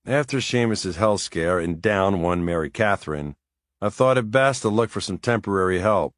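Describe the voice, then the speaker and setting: A man with a fairly low voice reads a first-person thriller audiobook. His delivery is measured, wry and a little weary. The sound is close and dry, with no room around it. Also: expressive, no echo. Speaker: audiobook narrator.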